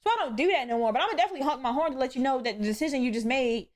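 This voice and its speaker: A woman's voice: sits high, racing, few pauses. Blunt profane woman ranting on her podcast. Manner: blunt, profane, animated storytelling. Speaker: podcast host. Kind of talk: casual solo podcast rant.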